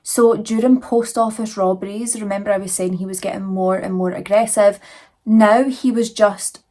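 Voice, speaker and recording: Young woman chatting through a true crime case, a bit breathy, lots of likes and you knows. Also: mid-range voice, steady tone, moderate pace, mellow. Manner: chatty, conversational, many fillers. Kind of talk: casual true crime retelling.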